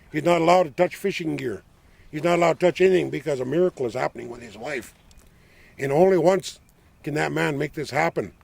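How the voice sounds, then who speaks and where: An older man from the Lummi Nation, a tribal elder telling an oral legend outdoors by the shore in an unhurried, plain-spoken way. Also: a little high, gravelly, darkish tone. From Lummi Nation, Pacific Northwest.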